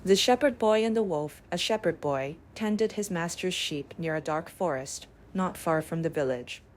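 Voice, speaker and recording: A woman narrating bedtime fables in a calm, measured way. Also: fairly low pitch, a little hiss or hum. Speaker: storyteller.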